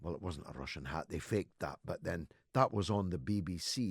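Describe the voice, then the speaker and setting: Gravelly orator in his sixties. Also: lively intonation, no echo, studio quality. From Scotland. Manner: oratorical, swings between low murmurs and loud rising declamations; rhetorical repetition, drawn-out emphatic words. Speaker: radio talk show host. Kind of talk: impassioned political monologue.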